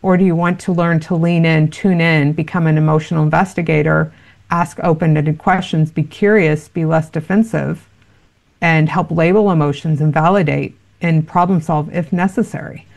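Aussie woman, low husky-fry voice, earnest advice in a chat, lots of "you know". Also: fairly even intonation, moderate pace, darkish tone. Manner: earnest, explanatory, many fillers. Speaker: parenting expert guest. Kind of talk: conversational interview advice.

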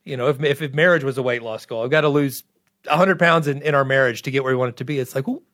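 A man's voice: mid-range voice, fast talker, a bit bright. Earnest male marriage coach guest. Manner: earnest, self-deprecating, repeats words as he goes. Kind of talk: casual talk-show conversation.

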